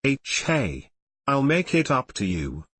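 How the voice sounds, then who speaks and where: Boastful playful teenage boy, read by a man; sarcastic, lively, dry close sound. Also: medium pitch, takes it slowly, breathy edge, no room sound, full character voice. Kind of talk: audiobook reading of fan fiction.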